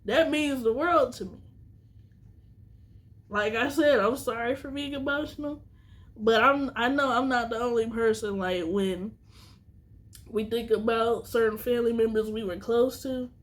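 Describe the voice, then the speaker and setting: A woman's voice: fairly high pitch, a little slow, long pauses. A woman vlogger talking straight to her viewers in a casual monologue, earnest and teary, repeating herself for emphasis.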